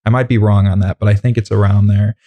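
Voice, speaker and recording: A man's voice: fairly low pitch, level tone, fast talker, warm tone. A man hosting a casual interview podcast, talking in a loose, rambling way with many fillers. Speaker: podcast host.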